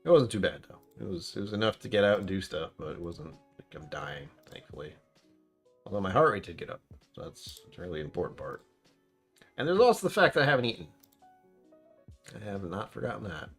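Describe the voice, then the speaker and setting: Male streamer, low voice with lively swings, rambling casual chat, faint music underneath. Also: fairly quick, creaky, husky. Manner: rambling, chatty, reacting to chat. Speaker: whiskey reviewer streamer.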